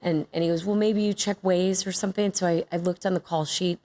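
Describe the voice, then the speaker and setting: A woman with a lowish voice, talking a little fast, hosts a podcast. She chats casually and expressively with her guest as they swap stories, reacting readily along the way.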